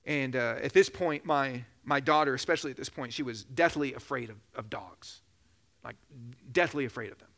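A man in his thirties preaching a sermon, telling a joking personal story, then building to loud, slow emphasis. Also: medium pitch. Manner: preaching with rising emphasis, slowing for key phrases; jokes and laughs during a personal story. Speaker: pastor.

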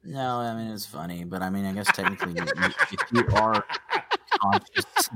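A man's voice: lowish voice, sing-song, moderate pace, heavy background noise. A young man in casual podcast banter, speaking in a dry, matter-of-fact way.

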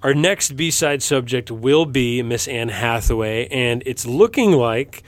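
A man's voice: medium pitch, lively intonation, slow pace, no room sound. A man hosting a film podcast, chatting casually and joking with his guests. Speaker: podcast host.

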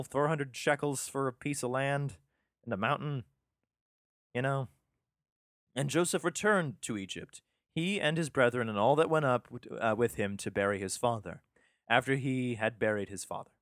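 A man's voice: medium pitch, fairly bright tone, dry recording, studio quality. A man reading scripture aloud and breaking off into irreverent, profane commentary in a casual, offhand way. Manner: irreverent, profane asides, sarcastic; yawning, drowsy.

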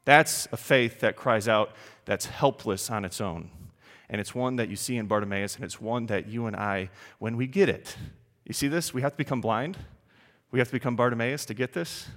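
A man preaching a sermon in an animated, emphatic way, often putting questions to his congregation. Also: medium pitch, moderate pace, in a large hall. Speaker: pastor.

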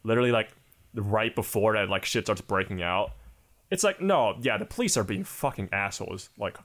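A young podcast co-host with a lowish, expressive, slightly bright voice speaks at a moderate pace. His casual chat is a rambling rant, thick with swearing and filler words.

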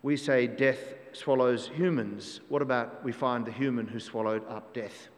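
A man's voice: medium pitch, fairly even intonation, a little slow. Emphatic preaching man, reverberant church. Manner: emphatic, repeats key phrases, asks the congregation rhetorical questions. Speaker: pastor. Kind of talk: sermon. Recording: long church hall reverb.

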